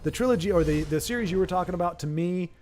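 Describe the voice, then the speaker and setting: Guy streaming a card game, kinda high voice, rambles and corrects himself, cracks jokes. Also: rapid-fire, a little mellow, slight background noise. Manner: rambling, self-correcting, jokey. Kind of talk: casual live-stream commentary, reading chat aloud.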